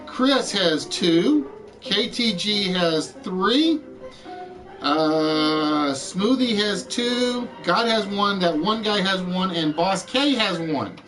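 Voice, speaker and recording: A man hosting a live-streamed chat game show, with showy, drawn-out announcing. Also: sits high, lively intonation, a bit bright, distant mic, soft background music.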